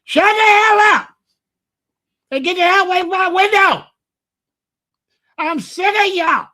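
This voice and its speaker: A woman's voice: very high voice, unhurried, voice pushed up, heavily acted. A man voicing a cranky old woman who hollers and cusses from her window. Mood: angry. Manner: shouting, cussing.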